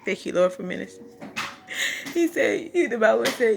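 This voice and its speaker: A woman's voice: fairly high pitch, animated, normal speed, gravelly, long pauses, a little mellow, slight background noise. Tearful woman giving a testimony. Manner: talks through tears, laughing and preaching at once. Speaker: vlogger sharing a testimony. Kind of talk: emotional casual testimony on a livestream. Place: home at night.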